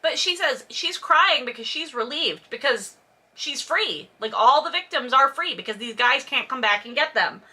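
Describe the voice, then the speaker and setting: A woman's voice: high voice, expressive, normal speed, pushed and bright, husky. A woman reading a novel aloud as host and breaking off for snarky, exasperated commentary. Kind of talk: sarcastic read-along commentary.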